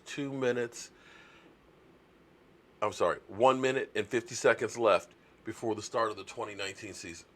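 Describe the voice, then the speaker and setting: A man's voice: medium pitch, a bit bright. A man hosting a casual sports talk video, ranting indignantly and rambling with restarts.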